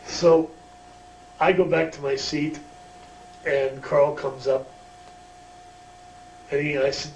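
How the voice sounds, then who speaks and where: Slow-talking profane storyteller man. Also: fairly high pitch, level tone, darkish tone. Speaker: retired wrestler, interviewee. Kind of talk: shoot interview storytelling. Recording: roomy distant mic, faint hum.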